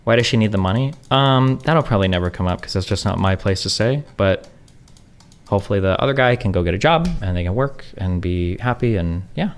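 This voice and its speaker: A man's voice: lowish voice, expressive, fairly quick, clean tone. A man in his thirties in a casual venting monologue, sarcastic and exasperated, slipping into mocking voices of others. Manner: sarcastic, exasperated, mimics others mid-story. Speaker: streamer.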